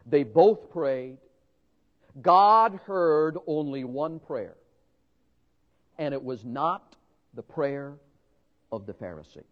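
A man's voice: fairly high pitch, animated, slow, pauses often. A man preaching a sermon, emphatic and dramatic, asking rhetorical questions. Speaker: pastor. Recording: dull lo-fi recording with long hall reverb.

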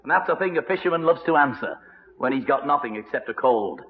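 A man preaching a sermon, telling the story with lively narration and acted-out voices. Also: medium pitch, quick pace, slight background noise. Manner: animated storytelling, acting out voices. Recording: reverberant dull old radio broadcast.

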